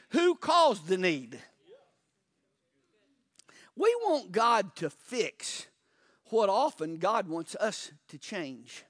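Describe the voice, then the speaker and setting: A man preaching a sermon as pastor, asking the congregation pointed questions and pausing for emphasis. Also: very high voice, sharp tone, no room sound, clean studio sound. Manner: pauses for emphasis.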